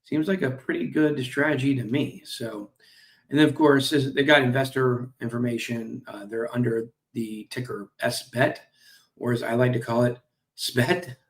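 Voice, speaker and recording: A man's voice: mid-range voice, steady tone, normal speed. A man hosting a crypto stream, casually reading and commenting on company news with jokey asides, fillers and apologies, sounding a little tired. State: tired, yawning. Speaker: crypto show host. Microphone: streaming mic.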